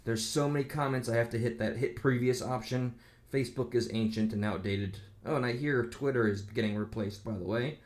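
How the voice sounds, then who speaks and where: A man's voice: medium pitch, brisk. A man giving a casual reaction rant, rambling and sarcastic, reading online comments aloud with mocking voices. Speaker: video commentator.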